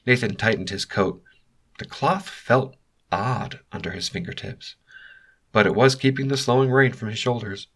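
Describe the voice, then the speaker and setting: A man reading an audiobook as narrator, telling the story in an even, steady way. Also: mid-range voice, normal speed. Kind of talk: scripted narration.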